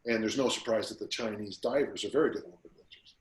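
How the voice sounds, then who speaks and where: A man who is a strength coach, guest on a podcast interview, telling stories in a lively, casual way and acting out the people he quotes. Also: lowish voice, fast talker. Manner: animated storyteller who acts out quotes. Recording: roomy echo.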